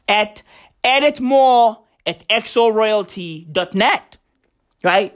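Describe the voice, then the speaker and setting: A man giving casual vlog commentary on tweets, swearing a lot and repeating rhetorical questions for emphasis. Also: sits high. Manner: profane, emphatic, keeps asking rhetorical questions. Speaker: vlogger reacting to tweets.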